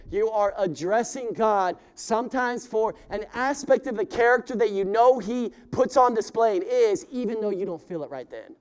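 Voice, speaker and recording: With a high, bright, animated voice at a moderate pace, a pastor preaches a sermon directly to his congregation. He acts out heartfelt prayers that rise into pleading cries, then settles back into soft, earnest appeals.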